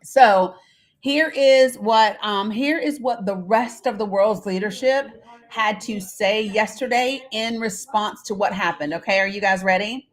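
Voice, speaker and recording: A woman's voice: mid-range voice, measured pace. Chatty woman hosting a live stream. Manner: chatty, blunt, with frequent fillers; reads viewer comments aloud and talks to her kids mid-stream. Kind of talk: casual live stream commentary.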